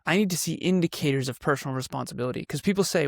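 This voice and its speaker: A man's voice: mid-range voice, fast, gravelly, hardly any pauses, dry recording, studio quality. A man speaking as a guest on a podcast, emphatic and intense, pressing his points with rising force and the odd laugh. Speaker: podcast guest, company CEO. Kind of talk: passionate podcast conversation.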